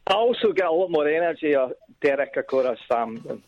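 A man's voice: on the high side, expressive, a little fast, muffled recording, noisy background. A man with a Scottish accent who has called in to a radio show and chats in a rambling, hesitant way, full of asides. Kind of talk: casual radio chat.

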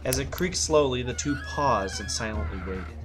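A man narrating an action story in a steady reading voice. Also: medium pitch, moderate pace, over music.

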